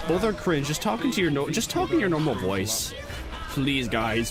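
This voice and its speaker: A man's voice: fairly high pitch, sing-song, moderate pace. A man streaming as a VTuber, chatting casually in a rambling, joking way and correcting himself as he goes, with lots of stammered restarts. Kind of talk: casual livestream chat.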